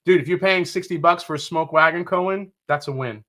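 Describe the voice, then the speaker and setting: A man's voice: fairly high pitch, fairly quick, fairly bright tone. A man from New York hosting a casual live stream, reading out viewer comments, joking, swearing casually and laughing often. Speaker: livestream host.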